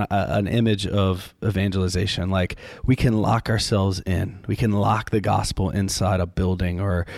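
Animated priest, dry podcast sound. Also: male voice, no echo. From Louisiana. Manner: animated storyteller, jumps pitch for quoted voices. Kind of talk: casual interview conversation.

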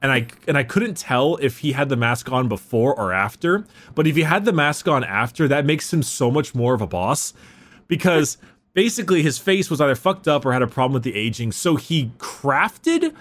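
A man's voice: a little high, very animated, moderate pace, fairly bright tone. Rambling, swearing male podcast host. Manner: profane, rambling, lots of restarts. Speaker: podcast host explaining lore. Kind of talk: casual podcast chat.

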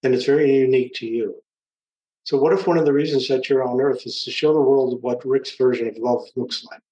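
A male therapist speaking calmly and encouragingly at a middle pitch. His voice is measured and reflective. It sounds roomy, with echo from the space around him. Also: highs cut off. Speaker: therapist guest. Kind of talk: reflective conversational advice.

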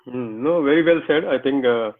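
A man hosting an interview, affirming his guest in a measured way with frequent hesitations. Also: mid-range voice. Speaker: interview host. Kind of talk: conversational interview. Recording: tinny phone-like call audio.

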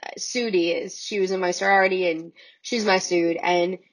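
A young woman hosting a casual solo podcast, chatty and excited, a little sick with her voice cracking. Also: lowish voice, normal speed, low-quality recording. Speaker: podcast host.

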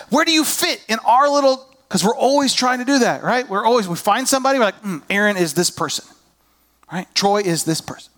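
A man's voice: high-pitched, expressive, a little fast, fairly bright tone. A man preaching a sermon as a pastor, conversational and self-deprecating, acting out people's inner voices.

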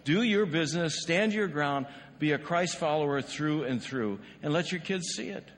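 Male pastor, fairly high voice, chatty sermon delivery, church hall reverb with faint ambience. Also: normal speed, a little hiss or hum. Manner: conversational, asks the congregation rhetorical questions. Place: church sanctuary.

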